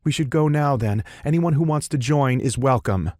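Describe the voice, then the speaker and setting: A man's voice: medium pitch, moderate pace, a little mellow, no echo, studio quality, pitched above the performer's own voice, natural voice. A man voicing a tall, determined brunette woman in an audiobook, blunt and defiant.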